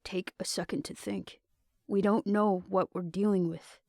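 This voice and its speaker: Woman reading calm steadying young heroine. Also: mid-range voice, unhurried, no echo, clean studio sound.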